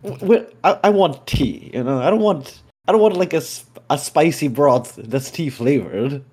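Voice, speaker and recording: A man's voice: on the high side, expressive, normal speed, a little mellow, slightly rough, pitched above the performer's own voice. A man playing an impatient, suspicious man in a tabletop game, talking bluntly and irritably. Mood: irritated.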